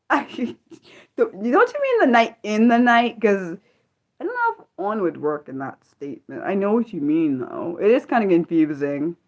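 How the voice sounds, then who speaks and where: A woman's voice: medium pitch, sing-song, moderate pace, darkish tone. A young woman hosting a casual livestream, chatting with her viewers, often laughing and apologizing. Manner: talks straight to chat viewers by name. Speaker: livestream host.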